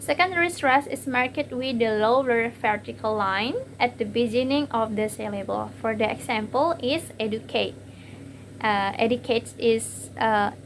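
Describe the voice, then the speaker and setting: A young woman with an Indonesian accent presents a class topic from her slides, her voice sitting a little high. She reads haltingly, often pausing on fillers and saying words twice. A faint hiss of noise runs under the recording. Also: poor audio. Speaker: student presenter.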